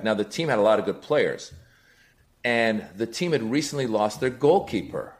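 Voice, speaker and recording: On a podcast, a middle-aged comedian guest tells comic stories at normal speed in a fairly low voice. He's animated, acting out the voices of the people involved as his excitement rises.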